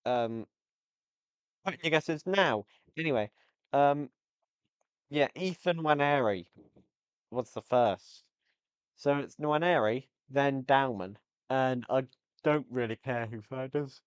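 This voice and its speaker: A man's voice: mid-range voice, takes it slowly, pauses often, clear, resonant tone, no room sound. A man hosting a casual football podcast, rambling and joking, easily sidetracked into tangents. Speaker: podcast host. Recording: slightly dull lo-fi audio.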